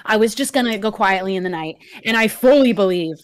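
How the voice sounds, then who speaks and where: A young woman speaks softly but with firm conviction. She is a guest in a casual stream chat, and her pitch stays in an ordinary middle range. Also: expressive, brisk.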